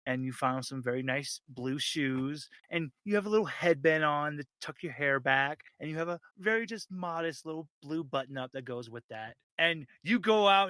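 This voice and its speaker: A man running a tabletop horror game as game master, narrating in an animated way and laughing often. His voice is very bright and sharp, and it sits a little high. The sound is dry and close. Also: creaky, no room sound.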